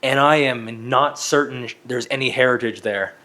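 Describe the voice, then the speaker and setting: A young man co-hosting a podcast, telling stories in a casual, animated way with swearing and quick voiced asides. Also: mid-range voice. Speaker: podcast co-host. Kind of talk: casual chat.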